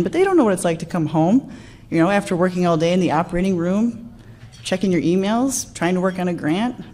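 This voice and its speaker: A young woman giving a lively conference talk to an audience, acting out what colleagues said to her. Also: fairly low pitch. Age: young adult. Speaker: conference speaker.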